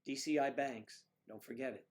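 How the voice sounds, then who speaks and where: A man hosts a casual livestream and chats easily with the viewers watching. He greets them one by one by name and wanders from topic to topic. His voice sits at an ordinary middle pitch for a man. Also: fairly even intonation, moderate pace. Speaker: livestream host.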